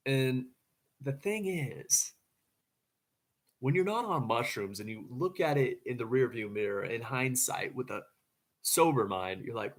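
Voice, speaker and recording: A man's voice: mid-range voice, lively intonation, a little slow. A man casually telling a story to camera, rambling, with frequent stammering restarts.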